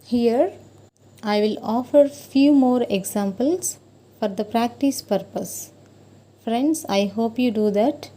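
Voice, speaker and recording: A woman teaching syllables, addressing viewers as friends and sounding out words slowly. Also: a little high, warm tone. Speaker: English teacher. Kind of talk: slow explanatory lesson.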